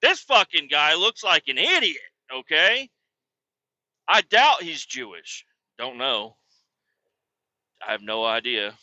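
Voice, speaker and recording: Male comic host, profane shouting rants, lively swooping pitch, dry dull recording. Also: a little slow, long pauses, no room sound. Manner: profane, erupts into shouting tirades. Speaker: podcast host. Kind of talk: comedic rant.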